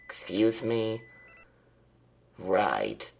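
A man playing a crude, foul-mouthed twenty-five-year-old woman smoker who hosts a call-in comedy show, insulting and profane, with a gravelly smoker's rasp. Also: on the low side, sing-song, drawn-out words, full character voice. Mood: sneering.

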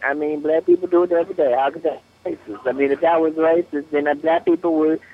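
A man's voice: a little high, fast talker. A man voicing a brash, sassy woman who gives blunt advice in a bossy, scolding way. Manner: bossy, scolding, talks over people. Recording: tinny phone line.

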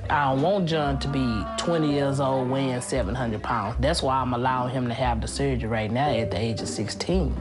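A woman's voice: rumbling low, brisk, over music. Firm mother laying down rules. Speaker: mother on a reality show. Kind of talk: reality TV interview and scenes.

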